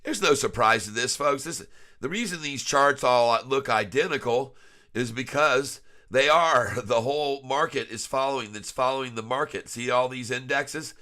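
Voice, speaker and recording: A man's voice: medium pitch, moderate pace, pushed and bright. A man with a stuffed-up nose giving casual, folksy stock-chart commentary to his viewers, chuckling often. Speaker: stock trading vlogger. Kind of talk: casual screen-share commentary.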